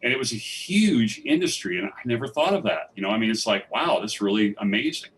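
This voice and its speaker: A man's voice: lowish voice, lively intonation, a little fast, a bit bright. Man, filmmaker guest, live interview, rambling enthusiasm, heard from afar on stage. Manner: rambling, enthusiastic storytelling with many restarts. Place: theatre stage. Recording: distant mic in a theatre.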